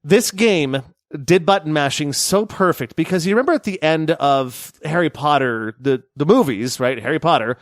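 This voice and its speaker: Male podcast co-host, animated and quick to laugh, slightly high-pitched, recorded dry. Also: dry recording. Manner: chatty and animated, laughs easily. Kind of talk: casual chat.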